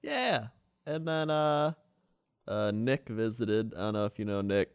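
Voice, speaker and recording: Though down with the flu, this male podcast co-host is an animated storyteller, playing the people in his casual tale with high voices. His delivery is measured and smooth. The audio is dull, with no room sound.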